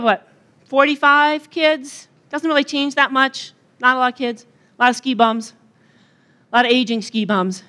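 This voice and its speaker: A woman's voice: sits high, bright, forceful tone. A middle-aged woman giving a chatty opening talk at a retreat, joking and bantering with the audience. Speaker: retreat speaker.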